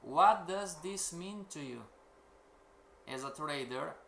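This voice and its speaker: A man delivers a live-streamed trading lesson in slow, deliberate English that is not his first language. His voice is bright and fairly high, and he peppers the class with rhetorical questions. The room is echoey, with faint keyboard typing behind him. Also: animated, vocal fry, slight background noise. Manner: asks rhetorical questions, keeps calling out "everybody". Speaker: trading course instructor.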